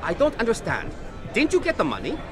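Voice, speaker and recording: A man's voice: high-pitched, wildly swooping pitch, fairly quick. An actor playing a smug, dismissive male loan shark who runs a bar, in video game dialogue. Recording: loud club music behind. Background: thumping club music.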